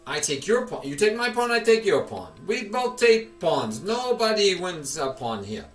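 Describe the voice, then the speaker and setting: A man's voice: high voice, very animated, normal speed, a bit bright, reverberant, recorded from a distance, faint music behind, pitched above the performer's own voice. A man doing a gloating mock-Russian chess rival. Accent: put-on Russian.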